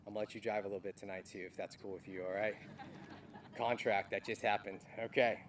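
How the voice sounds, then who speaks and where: A man's voice: on the low side, steady tone, fast talker, distant mic, a little hiss or hum. A middle-aged man, a departing army general, giving a heartfelt farewell speech with folksy asides at an outdoor military ceremony.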